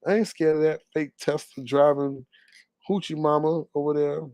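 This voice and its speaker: A man's voice: on the high side, fairly even intonation, normal speed, darkish tone, no room sound. A young man, gossiping sassily in casual commentary with laughing asides. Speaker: commentary vlogger.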